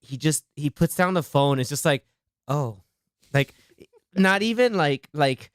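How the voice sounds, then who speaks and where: Smooth-voiced young man, excited movie chat. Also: a little high, unhurried, no echo, studio quality. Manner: excited, acts out movie lines while retelling scenes. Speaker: podcast host.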